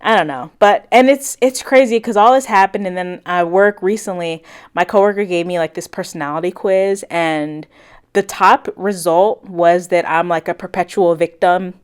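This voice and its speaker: A woman's voice: lowish voice, moderate pace, clear, resonant tone. A woman in her thirties chatting casually through a storytime, animatedly acting out the people she quotes. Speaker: cleaning vlogger. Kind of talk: chatty storytime while cleaning.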